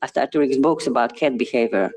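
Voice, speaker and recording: A man in casual conversation who speaks haltingly, with many hesitant "uh" pauses and restarts. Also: medium pitch, darkish tone. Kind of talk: casual chat.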